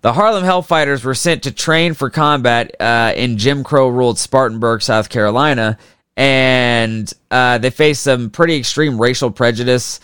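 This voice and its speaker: A man's voice: medium pitch, normal speed, fairly bright tone, clean tone, dry recording, clean studio sound. A man co-hosting a casual history podcast, profane and jokey, slipping into mocking voices as he tells the story. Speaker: podcast co-host.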